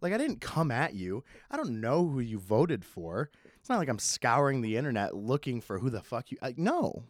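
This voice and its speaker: A young man hosting a casual solo podcast, rambling with sarcasm and plenty of swearing, speeding up and slowing down as he goes. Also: medium pitch, sing-song, no room sound, studio quality. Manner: sarcastic, swears a lot, swings between fast and slow. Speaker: podcast host.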